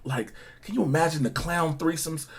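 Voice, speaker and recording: A man's voice: a little high, normal speed, slightly rough. A man co-hosting a show, talking in a casual, jokey and profane way. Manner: loud, playful, jokey and profane. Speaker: co-host of a TV episode review show. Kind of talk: casual chat.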